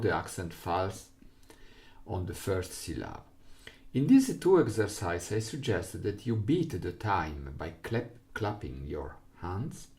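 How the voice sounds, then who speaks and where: An Italian man with a lowish, mellow voice and an Italian accent teaches a recorder lesson. He uses simple English and explains patiently, step by step.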